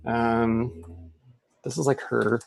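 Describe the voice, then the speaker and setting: A man's voice: mid-range voice, level tone, takes it slowly, creaky. Man running a tabletop game. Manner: casual, many fillers, laughs often. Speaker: game master.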